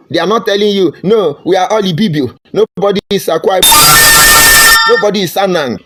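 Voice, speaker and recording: An online commentator with a Nigerian accent and a somewhat high, slightly mellow voice delivers an impassioned, preachy monologue. He keeps repeating his points with emphasis.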